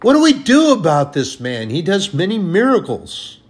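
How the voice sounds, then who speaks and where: A man's voice: sits high, wildly swooping pitch, normal speed, voice pushed up. A man voicing anxious male Pharisees, fretting aloud about what to do. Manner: anxious, fretful. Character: worried male Pharisee council members.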